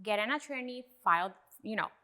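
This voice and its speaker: A woman's voice: medium pitch, animated, a little fast, pushed and bright. A woman attorney co-hosting a podcast, speaking emphatically and mixing in Spanish phrases in a casual chat.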